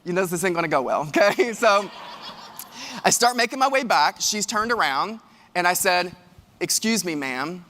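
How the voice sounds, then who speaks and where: Bright-voiced keynote speaker, man. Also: sits high, moderate pace, slight background noise. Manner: animated, addresses the audience directly. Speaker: keynote speaker and leadership coach. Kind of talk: motivational keynote storytelling. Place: large event hall. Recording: reverberant live hall.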